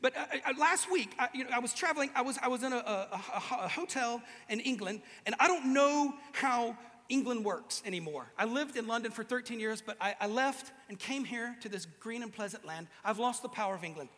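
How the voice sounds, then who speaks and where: A man with a very high, bright voice delivers a lively, joking sermon. He acts out little voices as he goes. The sound carries a long hall reverb from a large room. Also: brisk. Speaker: preacher. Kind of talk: humorous sermon to a live audience.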